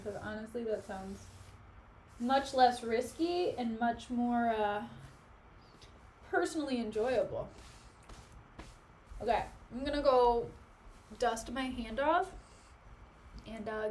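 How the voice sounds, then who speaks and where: A woman's voice: a little high, slow, long pauses, a little mellow, slight background noise. A woman streamer chatting casually and jokingly as she reads a play aloud, often wandering off topic. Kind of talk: casual chat while reading a play aloud.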